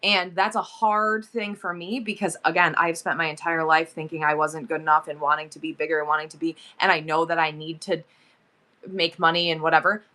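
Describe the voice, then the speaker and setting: A woman's voice: sits low, flat delivery, a little fast, sharp tone. A woman in her forties hosting a live selling stream, talking emotionally about her son and gushing thanks to viewers. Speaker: livestream seller.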